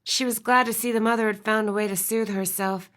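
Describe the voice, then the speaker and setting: A woman's voice: mid-range voice, steady tone, a little fast, a bit bright. Woman narrating a romance audiobook. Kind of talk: scripted narration.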